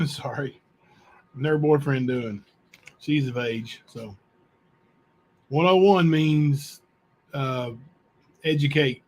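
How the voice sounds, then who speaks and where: A man hosting a channel, reading letters aloud to viewers in a plain, unhurried way with asides. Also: medium pitch, darkish tone. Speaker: channel host.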